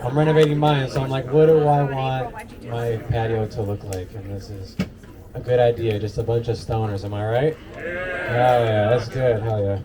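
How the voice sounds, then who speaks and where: A man's voice: mid-range voice, steady tone, moderate pace. A stoned man doing a laid-back stand-up set on an outdoor patio, chatting with the crowd. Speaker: stand-up comedian. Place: outdoor patio comedy show. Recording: distant mic with loud audience.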